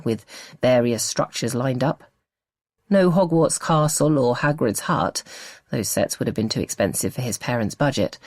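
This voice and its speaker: Very deep-voiced woman narrating a novel. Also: no echo, clean studio sound. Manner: expressive storytelling. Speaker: audiobook narrator. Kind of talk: scripted audiobook narration.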